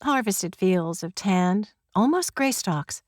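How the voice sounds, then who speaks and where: A woman's voice: mid-range voice, expressive, takes it slowly, dry recording. A woman reading a first-person crime audiobook in a wry, conversational storytelling manner, close to the mic. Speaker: audiobook narrator.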